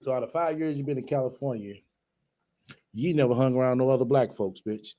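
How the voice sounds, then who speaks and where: A man, hosting a reaction commentary and mocking, heckling and cursing loudly at a clip. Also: medium pitch, fairly quick.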